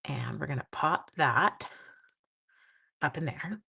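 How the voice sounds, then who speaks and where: Speaking slowly in a low, gravelly voice with a breathy edge, a woman in her forties hosts a crafting stream from her craft room at home. She sounds animated, bright and forceful, chatting eagerly with live viewers, though the recording is rough.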